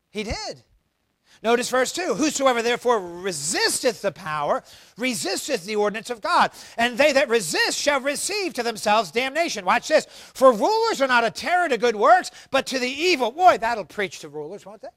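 A man preaching a sermon as pastor, emphatic, swinging between loud emphasis and quiet asides. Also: very high-pitched, sing-song, normal speed, no room sound, studio quality. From United States.

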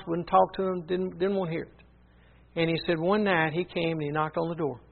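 Man, preacher, sermon storytelling, gravelly, breathy, sounds like a phone line. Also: fairly high pitch. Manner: earnest retelling, repeating "he said" often.

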